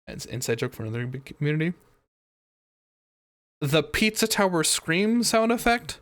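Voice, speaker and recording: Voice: normal speed, long pauses, no room sound. A streamer chatting casually and rambling while playing a video game, with frequent restarts. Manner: rambling, animated, jumps into squeaky impressions. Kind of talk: casual gameplay commentary. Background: video game music.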